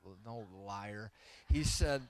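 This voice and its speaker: A man in his thirties preaching a humorous, animated sermon that swings between loud and soft. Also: on the low side, takes it slowly, clean tone, no room sound. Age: 30s.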